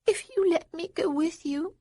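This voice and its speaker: A woman reading an audiobook, voicing an excitable, whiny six-year-old girl who pleads and shrieks. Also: very high-pitched, normal speed, no room sound, clean studio sound, voice pushed up. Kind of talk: audiobook narration.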